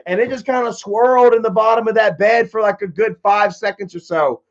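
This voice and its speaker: A man's voice: high voice, fairly even intonation, a little fast. A young man on a livestream, telling loose, profane stories in a slightly raised voice. The audio is dull and lo-fi, like a cheap stream mic. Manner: swearing, laid-back storytelling. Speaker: livestream host. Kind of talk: casual storytelling livestream.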